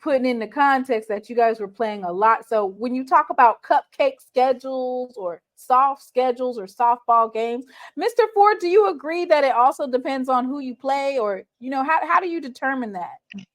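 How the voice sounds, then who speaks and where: A woman's voice: high voice, normal speed. A woman hosting a sports talk show, laying out a team's record and pressing a guest with pointed questions. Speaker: host.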